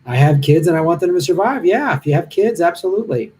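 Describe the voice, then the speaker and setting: Middle-aged comedian ranting blunt and fired up, slightly high voice, faint hum behind. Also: male voice, lively intonation, quick pace, a little mellow. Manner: impassioned, blunt, rambling. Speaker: stand-up comic hosting a live Q&A stream. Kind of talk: casual chat answering viewer comments. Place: hotel room.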